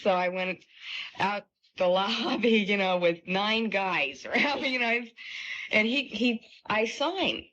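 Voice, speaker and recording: A woman's voice: medium pitch, unhurried. A woman in a touring singing group, chatting in a radio interview and telling stories with frequent laughs. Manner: lively storyteller, laughs often. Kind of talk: casual interview chat. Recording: muffled 1970 radio broadcast recording.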